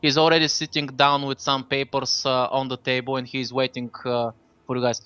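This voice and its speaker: A man's voice: mid-range voice, little pitch movement, moderate pace, bright, forceful tone, smooth, dry recording, highs cut off. A man running a tabletop game as game master, casual and swearing, with lots of fillers.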